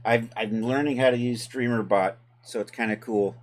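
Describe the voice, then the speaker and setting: Speaking at a moderate pace in a mid-range voice, a man hosts a live 3D software tutorial. He's relaxed and chatty, addressing his chat casually as he works through steps and thinks aloud.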